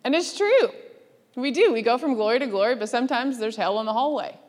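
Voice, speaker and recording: A woman preaching a sermon in a lively, laughing way, acting out the voices she quotes. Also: a little high, fairly quick. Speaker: speaker. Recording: long hall reverb.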